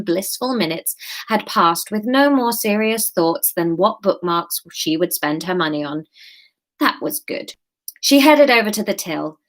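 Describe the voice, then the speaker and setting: A woman's voice: medium pitch, fairly bright tone. A woman in her thirties reading her own story aloud, with playful, self-mocking asides.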